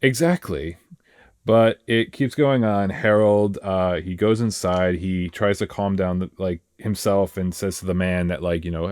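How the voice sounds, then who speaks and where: A man hosting a podcast in casual chat, retelling a story in a halting way, full of ums and restarts. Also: low-pitched, steady tone, a little mellow, smooth, dry recording, clean studio sound. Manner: hesitant, lots of ums and restarts, summarizing a story. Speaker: podcast host.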